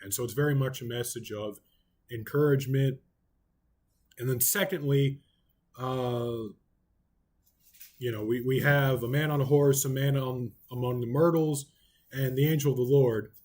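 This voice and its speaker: Husky-voiced man teaching Bible study. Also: mid-range voice, moderate pace, pauses often. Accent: Oklahoma. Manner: relaxed and conversational, many ums and you-knows.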